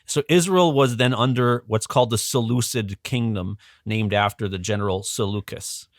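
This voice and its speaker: A man's voice: on the low side, moderate pace, dry recording, studio quality. A man as a guest educator, explaining history in a casual, conversational way with frequent ums and restarts.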